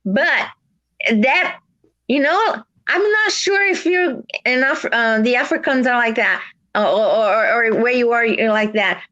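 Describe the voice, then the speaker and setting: A woman's voice: sits high, highs cut off. A woman from America, hosting a casual live chat and telling stories earnestly with many restarts. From South America. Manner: earnest, animated storytelling with restarts. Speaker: livestream host.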